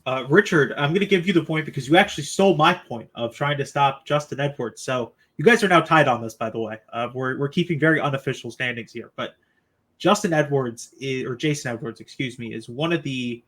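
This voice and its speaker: A man's voice: mid-range voice, brisk, fairly bright tone. A man hosting a sports podcast, chatting casually and asking his co-hosts for predictions. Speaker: podcast host.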